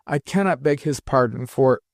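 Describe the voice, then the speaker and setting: A man's voice: medium pitch, moderate pace, vocal fry, no room sound, clean studio sound, natural voice. A man voicing a tearful, defiant young boy who stammers through choked words.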